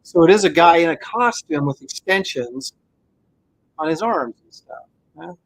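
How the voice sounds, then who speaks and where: Man, middle-aged, livestream host, gravelly voice, rambling, chuckles often. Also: on the high side, expressive, moderate pace. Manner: chuckling, rambling, reads chat comments aloud. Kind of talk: casual livestream chat.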